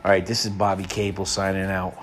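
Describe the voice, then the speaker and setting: A man's voice: deep voice, flat delivery, fairly quick, faint music behind. A man hosting a podcast, rambling through a casual trash-talk monologue with constant profanity and mocking jabs. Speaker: podcast host.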